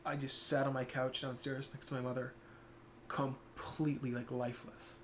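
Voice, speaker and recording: A young man talks on his stream in a casual, reflective way. His voice turns soft and quiet when the talk gets emotional. Faint noise sits underneath, with a mid-pitched tone. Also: level tone, normal speed. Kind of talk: casual chat.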